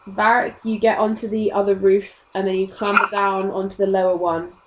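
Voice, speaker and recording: A woman's voice: mid-range voice, level tone, normal speed, background noise. A woman, narrating casually as the game master of a tabletop game. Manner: casual, chatty, laughs often.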